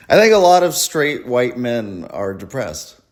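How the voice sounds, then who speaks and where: A man performing a rambling, crude, self-deprecating stand-up comedy set at a live show. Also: mid-range voice.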